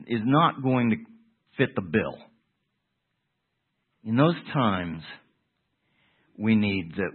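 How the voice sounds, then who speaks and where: A man preaching a sermon in a conversational way, restarting phrases and moving between loud emphasis and quiet asides. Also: low-pitched, husky. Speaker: pastor. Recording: tinny phone-like sound.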